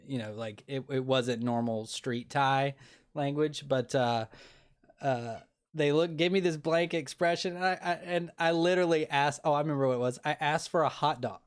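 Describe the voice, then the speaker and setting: A man's voice: fairly high pitch, normal speed, clear, resonant tone. A man hosting an interview podcast, talking in an easygoing, rambling way. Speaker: podcast host. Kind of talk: casual interview chat.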